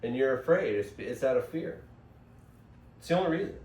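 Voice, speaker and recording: A man's voice: mid-range voice, lively intonation, brisk, darkish tone. A man hosting a casual spiritual monologue, rambling and digressive, recorded on a phone. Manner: rambling, digressive, self-interrupting. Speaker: host. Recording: echoey room, voice from far off, faint hiss.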